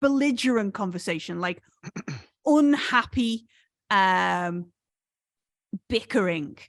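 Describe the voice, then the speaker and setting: A woman's voice: mid-range voice, lively intonation, slow, no room sound, clean studio sound. A woman narrating a tabletop game as game master, hesitant with many ums and restarts.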